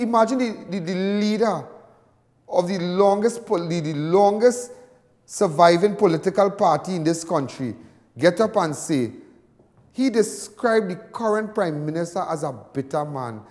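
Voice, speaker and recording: Emphatic high-voiced Trinidadian man. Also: darkish tone, big-room sound. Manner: emphatic, repetitive, indignant. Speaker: talk show host. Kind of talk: impassioned TV commentary.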